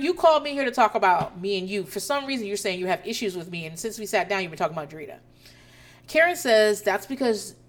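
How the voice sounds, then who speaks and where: Animated woman recapping with lively pitch. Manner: profane, incredulous, animated storytelling. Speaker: reality TV recap host. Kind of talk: casual recap commentary.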